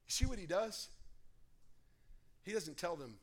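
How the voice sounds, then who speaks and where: A man preaching a sermon, dramatic, dropping to near whispers and rising to shouts. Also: sits high, big pitch swings, a little slow, pauses often. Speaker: pastor.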